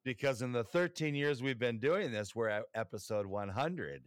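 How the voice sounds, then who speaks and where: A man co-hosting a podcast in casual chat, relaxed, joking and a little rambling. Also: mid-range voice, moderate pace, no room sound, clean studio sound. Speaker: podcast co-host.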